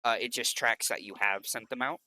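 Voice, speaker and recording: Bright-voiced man running the game. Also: mid-range voice, fairly even intonation, fairly quick. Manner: hesitant, many filler ums. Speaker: game master. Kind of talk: narrating a tabletop game.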